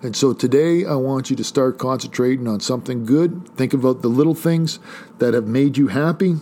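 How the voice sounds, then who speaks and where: A man's voice: mid-range voice, moderate pace, mellow, a little hiss or hum. Chatty man hosting a motivational podcast. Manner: chatty, rambling, motivational coach-like. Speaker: podcast host. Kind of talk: casual solo podcast talk.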